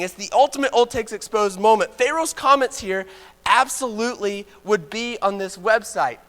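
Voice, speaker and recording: A man's voice: extremely high pitch, normal speed, fairly bright tone, in a large hall. A man giving a conversational sermon as a preacher, informal with joking asides. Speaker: preacher teaching a Bible class. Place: church auditorium.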